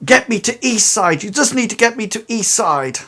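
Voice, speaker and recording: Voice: mid-range voice, lively intonation, normal speed, bright, forceful tone, pitched above the performer's own voice. A game master doing a stammering, pleading client. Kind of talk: tabletop role-play voicing.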